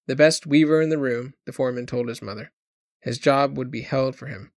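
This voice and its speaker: A man reading a short story aloud as an audiobook narrator, in a measured storytelling manner. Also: medium pitch, dry recording, studio quality. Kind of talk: scripted narration.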